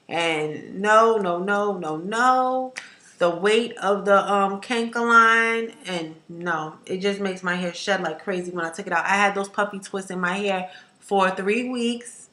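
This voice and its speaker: A woman hair vlogger chatting to camera in an emphatic, animated way, ranting and repeating herself for effect. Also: medium pitch. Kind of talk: casual to-camera chat. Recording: echoey room.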